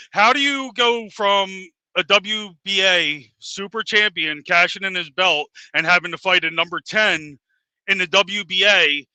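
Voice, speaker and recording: A high, very bright man's voice talks fast and insistently, running down facts in a heated boxing panel debate. The sound is dry and close. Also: no echo, low-quality recording. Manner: fast-talking, pressing, insistent questions.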